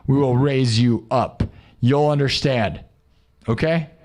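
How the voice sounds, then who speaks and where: A man's voice: medium pitch, slow, darkish tone, in a large hall. A man hosting a live music stream, hyping up his viewers with chanted pep talk and jabs at his haters.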